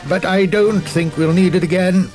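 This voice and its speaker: A man voicing an excitable elderly professor and explorer in a storybook reading, his voice raised high and eager. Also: normal speed, close to an everyday voice. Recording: old storybook record with music.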